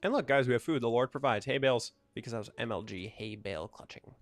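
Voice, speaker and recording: A man's voice: medium pitch, quick pace, faint music behind. A young man chatting casually over his gameplay, rambling, joking and ranting about whatever comes up. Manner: rambling, jokey, ranting asides. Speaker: gaming YouTuber.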